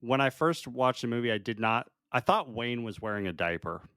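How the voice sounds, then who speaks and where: A young man chats about a film on a podcast, loose and joking and quick to laugh. His voice is mid-pitched, and the sound is close and dry. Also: lively intonation, a bit bright, no echo. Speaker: podcast co-host. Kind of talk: casual movie review chat.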